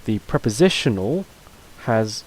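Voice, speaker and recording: Man, fairly low voice, casual video lesson, loose chatty teaching, faint hiss. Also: very animated, measured pace, poor audio. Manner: loose and chatty, with fillers and restarts. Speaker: language teacher.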